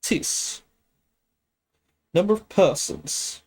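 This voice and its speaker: This high-pitched, gravelly, husky male voice has lively intonation and moves very slowly. He's a streamer studying Greek, thinking aloud at a leisurely pace through a language exercise live, hesitating and checking himself as he goes.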